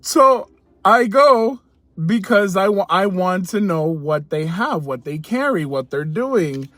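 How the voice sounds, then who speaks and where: A man's voice: high voice, lively intonation, slow, a bit bright, dry recording. A man telling a personal story casually to camera in a chatty way, laughing often and repeating himself.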